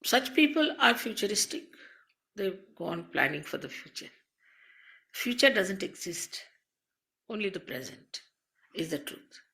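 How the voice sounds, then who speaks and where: Gravelly-voiced woman giving a measured spiritual talk. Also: mid-range voice, big pitch swings, sharp tone. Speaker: spiritual teacher. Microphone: on a mic.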